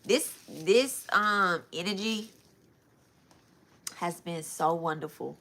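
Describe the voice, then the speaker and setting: A woman's voice: lowish voice, slow, sharp tone, a little hiss or hum. A woman, talking loosely and informally to her live-stream viewers, calling them y'all. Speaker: spiritual reader and live-stream host. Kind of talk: casual live-stream chat.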